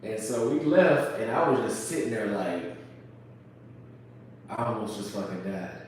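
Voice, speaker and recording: A man from the United States casually telling a travel story, swearing and acting out shouted quotes. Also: lowish voice, unhurried, a little hiss or hum. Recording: very echoey room, voice from far off.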